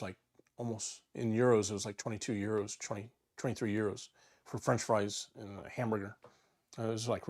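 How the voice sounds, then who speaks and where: A man in his forties hosting a casual travel livestream alone, reading viewer comments aloud and answering them in a rambling, halting way, full of fillers and restarts. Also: medium pitch. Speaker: travel YouTuber and livestream host.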